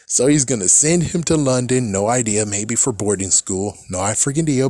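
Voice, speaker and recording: A man's voice: mid-range voice, animated, normal speed, hardly any pauses, no echo. Exasperated man swearing through a recap. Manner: swears often, exasperated, loud outbursts. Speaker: reaction commentator. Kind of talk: casual recap and reaction.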